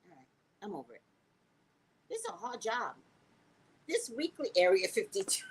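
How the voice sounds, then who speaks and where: A woman with a squeaky voice hosting a casual live stream, reading quiz questions to her viewers and bantering with them in a sassy way. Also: normal speed, slight background noise, poor audio. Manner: sassy, animated, talks back to viewers.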